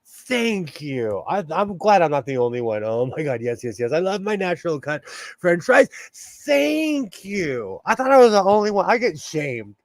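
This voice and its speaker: A man's voice: a little high, very animated, unhurried, no echo. A man chatting casually on his live stream, reading the chat and laughing often. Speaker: livestream host reading chat. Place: home in California.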